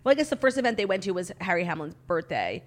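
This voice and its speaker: Casting: blunt, animated woman podcast co-host with a swooping, expressive pitch, casual chat. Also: fast talker. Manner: animated, blunt, swears freely.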